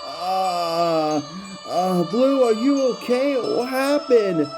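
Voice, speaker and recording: A man's voice: mid-range voice, animated, slow pace, over music, voice pushed up. A man voicing a caring, anxious young female macaw in a fan-made audio story, fretting and soothing. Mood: worried. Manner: fretful, soothing.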